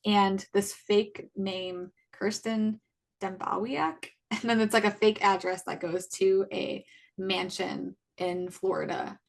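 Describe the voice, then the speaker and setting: A woman in her twenties, co-hosting a podcast, takes it slowly with a gravelly, mid-range voice and fairly even intonation. She casually recounts a personal story, acting out the quoted exchanges people had with her, chatty and full of likes and restarts.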